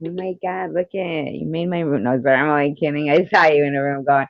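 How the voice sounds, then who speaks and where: A woman's voice: low-pitched, steady tone, fairly quick, hardly any pauses, no room sound. A woman chatting casually on her live stream, teasing, laughing often and swearing freely. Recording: dull, dry lo-fi stream audio.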